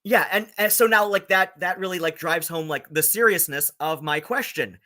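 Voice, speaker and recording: A man streaming rambling, sarcastic commentary, halting on constant ums and likes. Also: high voice, pushed and bright. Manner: filler-heavy, halting, with many ums and likes; sarcastic and exasperated.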